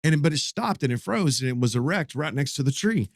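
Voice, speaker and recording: A pastor in his fifties telling a story in a casual interview, animated and folksy, often repeating his words. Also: on the high side, brisk, no echo, studio quality.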